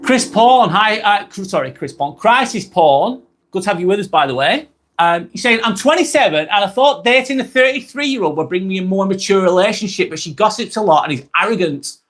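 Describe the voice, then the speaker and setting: A man in his thirties with a broad, strong talks casually on a live stream, reading out viewer comments. He is blunt and chatty, swears freely and repeats his phrases. His voice sits a little higher than most men's. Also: expressive, brisk, fairly bright tone.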